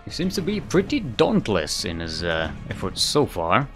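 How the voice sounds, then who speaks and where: Rambling male game caster, lively low voice. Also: moderate pace, music in the background. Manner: rambling, self-correcting, chuckles often. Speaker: esports caster. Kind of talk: live game commentary.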